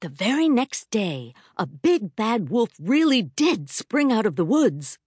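A woman playing a school librarian who reads a fable aloud to children with expressive, dramatic storytelling. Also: on the high side, a little slow, slightly rough, no room sound, studio quality, full character voice.

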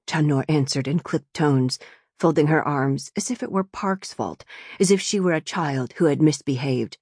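A woman's voice: sits low, normal speed, darkish tone, slightly rough, dry recording. Woman narrating an audiobook in a dry studio. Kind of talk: scripted narration.

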